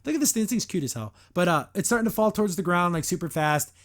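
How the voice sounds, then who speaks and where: A man's voice: sits high, expressive, quick pace. A man hosting a podcast, reviewing a cartoon episode in a sarcastic, exasperated way and acting out the characters' lines.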